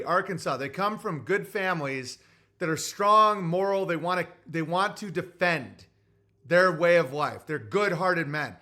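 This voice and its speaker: A man's voice: high voice, bright, forceful tone. A man ranting in a heated conversational style, profane and mocking, slipping into quoted voices of people he argues with.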